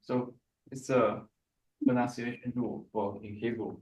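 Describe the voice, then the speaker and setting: Teacher, male, deliberate unhurried delivery, pausing to explain. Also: medium pitch, flat delivery, a little mellow, husky. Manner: slow, repeats words, pauses a recording to explain. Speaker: Hebrew teacher. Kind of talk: classroom lesson.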